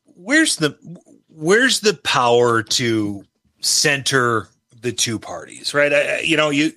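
A man's voice: mid-range voice, big pitch swings, slow pace, bright, forceful tone, no echo. A man hosting a political interview, musing conversationally about his home state's races. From Illinois.

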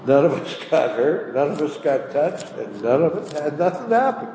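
A man's voice: on the high side, very animated, moderate pace. An older man preaching a sermon, telling a story in a folksy, plain-spoken way. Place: church hall. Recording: echoey hall, faint room noise.

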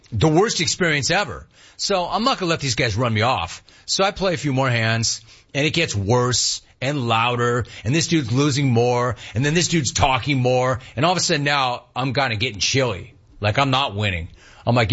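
A man's voice: mid-range voice, moderate pace, lo-fi sound. A man hosting a sports radio show, telling a casual story and acting out the voices in it. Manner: animated storyteller, acts out voices in anecdotes.

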